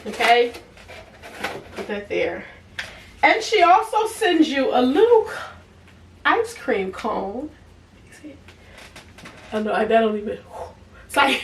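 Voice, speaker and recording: Chatting with her viewers as "y'all," this young adult woman casually reviews products on camera, laughing easily. Her fairly high voice has lively intonation, a slow pace, and long pauses. The echoey room, distance from the mic, and faint noise color the recording.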